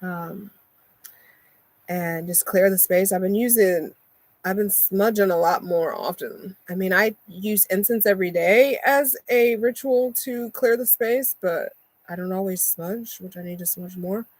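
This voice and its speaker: A young woman casually chatting on a live stream from inside her motorhome, animated and laughing often. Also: mid-range voice, unhurried, dry recording. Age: young adult. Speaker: vlogger and oracle card reader.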